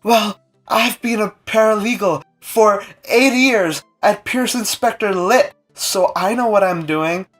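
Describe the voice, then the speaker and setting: A man's voice: sits high, unhurried, fairly bright tone, faint music behind, voice pushed up. A man imitating a self-important young woman paralegal who keeps reciting her credentials. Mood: boastful.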